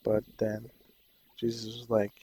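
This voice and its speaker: A man's voice: fairly low pitch, completely flat delivery, measured pace, dark tone, breathy edge, rough recording. A young man casually telling a personal story on a vlog, rambling and often losing his train of thought. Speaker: vlogger.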